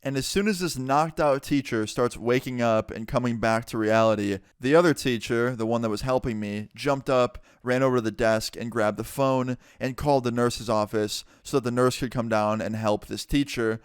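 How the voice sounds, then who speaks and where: A man's voice: mid-range voice, fairly even intonation, clean tone, no room sound, studio quality. A man telling a story time in a chatty, casual way, filling his talk with "like" and acting out the people he quotes. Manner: chatty, quick to act out people he quotes, lots of "like". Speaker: storyteller vlogger.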